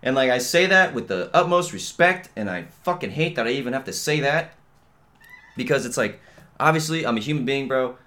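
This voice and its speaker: A man's voice: medium pitch, animated, a little fast, pushed and bright. A young man hosting a podcast, ranting bluntly and swearing constantly, with lots of filler and "you know what I mean.". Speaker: podcast host. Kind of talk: casual rant.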